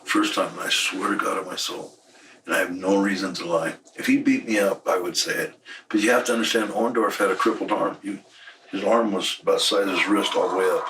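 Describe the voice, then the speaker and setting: Man, 60s, former wrestler; low, blunt, profane storyteller, recorded off-mic with slight noise. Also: steady tone, fairly quick, recorded from a distance. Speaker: interview guest, former wrestler. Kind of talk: shoot interview storytelling.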